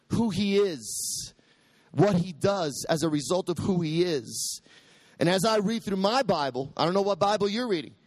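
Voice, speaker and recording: A male preacher delivers his sermon in a high, lively voice whose pitch soars up and down, quoting scripture dramatically and climbing to sudden shouted peaks. The sound is dry and close, with no room echo.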